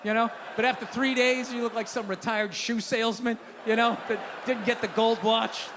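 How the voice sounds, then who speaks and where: A middle-aged man in his fifties doing a stand-up comedy set, ranting profanely and animatedly with sudden shouts. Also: extremely high pitch, fairly even intonation, moderate pace, background noise. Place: comedy club stage. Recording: roomy live theater sound. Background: audience laughter.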